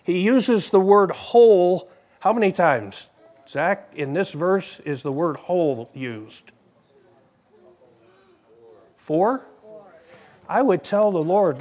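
High-voiced slow preaching man. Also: animated, a little mellow. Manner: conversational, repeats phrases, asks the congregation questions. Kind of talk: sermon.

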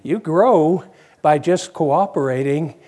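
A man's voice: fairly high pitch, takes it slowly, warm tone, slightly rough. A man preaching a conversational sermon, asking his congregation questions.

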